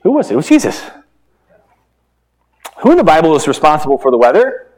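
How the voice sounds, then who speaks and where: A man's voice: a little high, wildly swooping pitch, a little fast, darkish tone. A man preaching a sermon in a conversational way, asking the congregation questions and retelling the story. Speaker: pastor.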